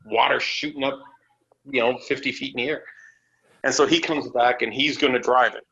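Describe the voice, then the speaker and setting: A man spinning a wild road story on a podcast, voicing everyone in it and dropping swear words along the way. His voice is bright and forward. The audio is a bit dull and lo-fi. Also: mid-range voice, normal speed. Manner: animated, acts out voices in his stories; swears freely. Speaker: wrestler guest. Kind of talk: casual storytelling.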